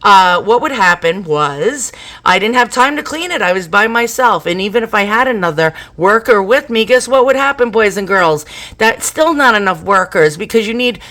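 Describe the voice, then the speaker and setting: A woman's voice: mid-range voice, moderate pace. Chatty woman telling deli stories. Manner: animated, chatty storytelling with asides, repeats "boys and girls". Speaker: commentator reacting to a news clip. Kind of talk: casual reaction commentary.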